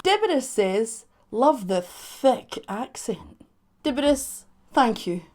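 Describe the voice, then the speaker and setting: A woman's voice: on the high side, big pitch swings, a little mellow. A woman, a soul singer hosting a playful music reaction vlog. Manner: playful, jokey, speaks deliberately slowly.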